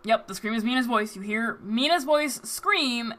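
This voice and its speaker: A woman runs the tabletop game as its game master, her voice bright and fairly high. She narrates briskly and keeps asking the players how they react.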